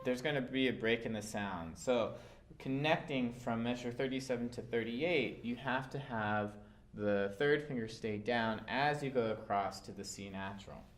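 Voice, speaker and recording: A man teaching a violin part, calm and patient, with frequent fillers as he explains. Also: mid-range voice, normal speed, loud music behind the voice. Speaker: orchestra teacher. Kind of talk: instructional walkthrough.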